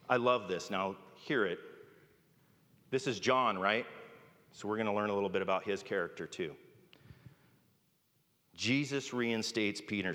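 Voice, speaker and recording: Low-voiced man preaching in a reverberant hall. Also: fairly bright tone. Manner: conversational, often adds "right?". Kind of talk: sermon. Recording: long reverb of a large hall.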